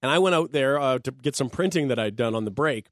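A man co-hosting a radio show, his voice mid-pitched and recorded dry in the studio. He tells his story in a wry, matter-of-fact way. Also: lively intonation, fast talker, no room sound. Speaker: radio co-host. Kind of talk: casual anecdote on radio.

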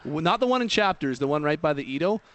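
A man's voice: fairly high pitch, expressive, quick pace, a bit bright. Joking young male radio co-host. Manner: self-deprecating, joking. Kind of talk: casual radio banter.

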